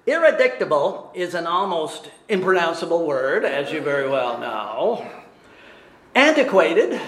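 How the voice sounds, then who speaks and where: A man preaching a sermon as pastor, animated and quick to laugh at his own stumbles. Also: high voice, reverberant, slight background noise.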